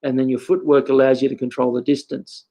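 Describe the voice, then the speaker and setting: An older Australian man talks through fighting technique as a karate instructor. His voice sits at an ordinary middle pitch, and he explains in an easy, conversational way, breaking off now and then for stories. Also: level tone, quick pace, mellow, rough recording. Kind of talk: instructional talk.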